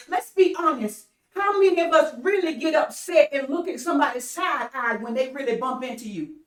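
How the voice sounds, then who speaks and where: A woman's voice: sits high, animated, moderate pace, hardly any pauses. A woman preaching an online sermon, repeating phrases in a call-and-response rhythm with stammered restarts. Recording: echoey room, voice from far off mic.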